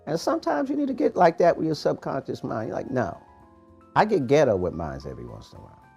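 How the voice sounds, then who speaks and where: A man hosting a morning podcast, giving a preachy, animated motivational talk in street-casual phrasing. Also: mid-range voice, fast, gravelly, slightly rough, faint music behind. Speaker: podcast host, motivational coach.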